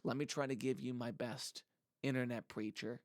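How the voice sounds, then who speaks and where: A man talking straight to his viewers in a loose, rambling monologue. He drifts between sincere gratitude and goofy asides. His voice sits at an everyday middle pitch, and the sound is dry and close, with no room echo. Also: steady tone, moderate pace. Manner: rambling, heartfelt and jokey. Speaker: musician vlogger. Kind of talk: casual monologue to camera.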